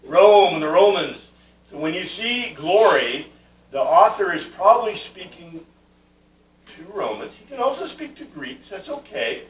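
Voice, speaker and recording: A man's voice: high voice, big pitch swings, a little slow, slight background noise. Man lecturing from far off in an echoey room. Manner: conversational, with many fillers and restarts, questioning the class. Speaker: bible class teacher. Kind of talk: classroom lecture on Greek word meanings.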